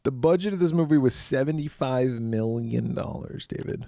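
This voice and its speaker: A man's voice: medium pitch, normal speed, creaky, dark tone, no echo, studio quality. A man co-hosting a casual horror podcast, joking and laughing often as he runs through a film's cast list. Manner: joking, reads cast lists with asides. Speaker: podcast co-host. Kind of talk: casual chat.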